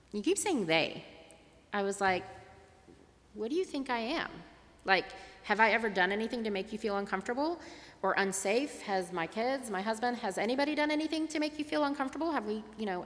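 A woman's voice: medium pitch, in a large hall. A middle-aged woman from Tulsa telling a personal story as an interfaith advocate, acting out the dialogue as she goes. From Tulsa, Oklahoma. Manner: animated storyteller, acts out dialogue.

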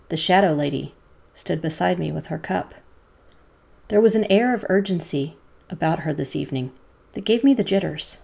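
A woman podcast host who tells stories in a measured, dramatic way. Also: on the low side, gravelly, darkish tone, breathy edge. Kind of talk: storytelling narration.

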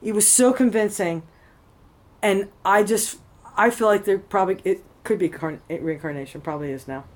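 A woman's voice: mid-range voice, moderate pace. A woman telling a personal story in casual conversation, rambling and frank, swearing freely, at a temple. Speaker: interviewee.

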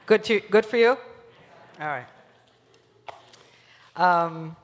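Joking guest rabbi in a ringing hall. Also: female voice, fairly low pitch, slow pace. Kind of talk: sermon. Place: synagogue sanctuary. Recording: long hall reverb.

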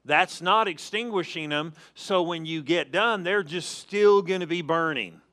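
A man's voice: fairly high pitch, unhurried, pushed and bright. A man preaching a sermon as pastor, emphatic, calling on the congregation to answer and repeating key phrases.

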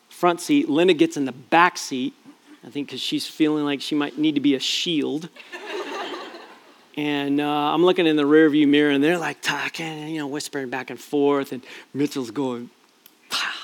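A middle-aged man, a pastor, telling a personal family story in a chatty, self-deprecating way, full of fillers and restarts. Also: a little high. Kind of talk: storytelling sermon.

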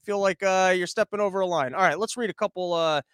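A man's voice: high voice, fast talker, fairly bright tone, smooth, no echo. An American man hosting a commentary show, ranting in a rambling, profane, sarcastic way.

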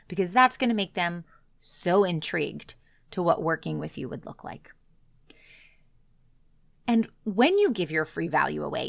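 Emphatic woman coach, gravelly edge. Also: lowish voice, a bit bright, no echo, clean studio sound. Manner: earnest, emphatic, acts out quoted reactions. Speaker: business coach. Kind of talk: motivational solo talk.

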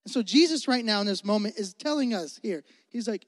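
Male pastor, high voice, energetic joking sermon, long hall reverb. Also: a little fast, few pauses.

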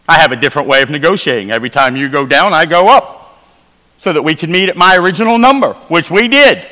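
A man preaches a revival testimony in a high, ringing voice, dropping into hushed asides and then building back up with emphasis. His words carry a long reverb from a large hall. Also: lively intonation, quick pace. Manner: storytelling, shifts between quiet low asides and emphatic rises. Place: church sanctuary.

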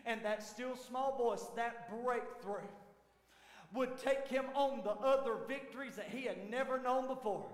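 A man preaching a sermon as lead pastor, dramatic, swinging from shouts down to near whispers. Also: extremely high pitch, a little slow. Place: church sanctuary. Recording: echoey church hall with faint piano.

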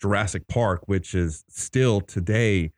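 Southern guy, low voice, dry close sound, rambly movie chat with lots of likes. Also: slow pace, no room sound. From American South. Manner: rambling, many fillers and restarts. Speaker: podcast co-host. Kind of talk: casual chat about movies.

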